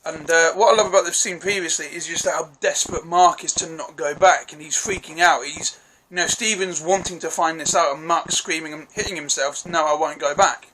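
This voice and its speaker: Man, casual show review, bright tense voice, fairly high pitch, chatty recap. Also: fairly even intonation, fairly quick, few pauses, a little hiss or hum. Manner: chatty, apologetic, recaps scenes with quoted lines.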